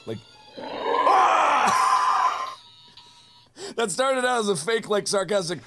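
A man doing let's-play commentary. He jokes, swears and yells as he plays. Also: high-pitched, expressive, normal speed, over loud music. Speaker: gaming video creator.

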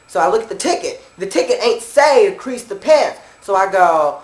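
A young woman vlogger telling a comic story as a blunt, profane, animated rant. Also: mid-range voice, normal speed, few pauses. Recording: echoey room.

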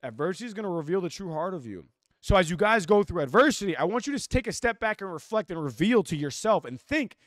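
Young male athletic coach, motivational speaker: high, intense, casual slang, preachy, dry close recording. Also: big pitch swings, brisk, dry recording. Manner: intense, preachy, swings between loud and hushed; casual with lots of "like" and "freaking". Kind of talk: motivational talk.

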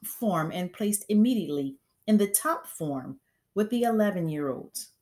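A woman voicing a gentle young teacher who pleads earnestly for her pupil, read from a storybook. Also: medium pitch, lively intonation, normal speed, voice pushed up, natural voice. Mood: earnest, pleading. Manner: pleading, raised and urgent.

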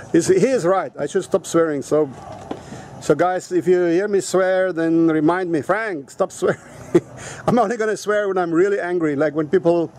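High-voiced guy rambling to his camera outside, blunt, swears a lot, bit of street noise behind. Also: dark tone. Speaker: vlogger. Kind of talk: casual walking vlog. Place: outdoors at a resort in a town.

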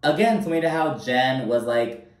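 A man recapping a reality TV episode in a blunt, animated, profane way. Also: medium pitch, moderate pace. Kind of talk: casual commentary. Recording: roomy echo, mic held at a distance.

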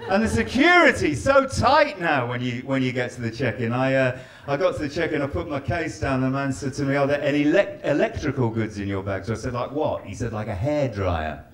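A man's voice: medium pitch, lively intonation, brisk, few pauses, a bit bright, a little hiss or hum. A man doing a stand-up set in a live venue, chatting with and teasing the audience. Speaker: stand-up comedian. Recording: live show with crowd laughter.

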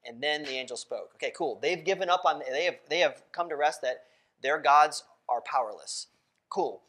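A pastor preaching a sermon in a church, talking casually, asking the congregation questions and laughing often. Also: male voice, a little high, lively intonation, normal speed, fairly bright tone. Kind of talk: interactive sermon. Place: church sanctuary.

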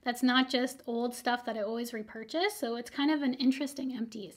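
A woman beauty vlogger reviewing used-up products in a chatty, upbeat way, her voice a little hoarse from filming all day. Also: a little high, steady tone, brisk. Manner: chatty, upbeat, rambling asides. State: slightly hoarse, losing her voice.

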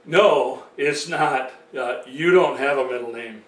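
A man's voice: mid-range voice, takes it slowly, fairly bright tone, voice pushed down. A man voicing a playful interviewer who quizzes him with teasing questions. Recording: roomy sound from a distant mic.

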